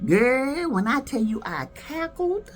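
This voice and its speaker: A woman's voice: high voice, big pitch swings, takes it slowly. A woman from South Carolina giving sassy, gossipy commentary, reviewing skits with dramatic asides. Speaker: video reviewer. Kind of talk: casual commentary.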